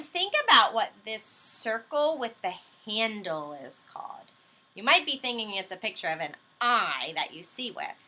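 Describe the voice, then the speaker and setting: Bright, slow-spoken woman teaching phonics. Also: a little high. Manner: slow, patient, encouraging, stretches out words and letters. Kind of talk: phonics lesson for young children.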